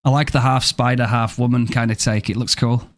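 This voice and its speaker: A man's voice: mid-range voice, flat delivery, fairly quick. A man live-streaming a game, chatting casually and playfully, joking and thanking viewers by name, with casual swearing.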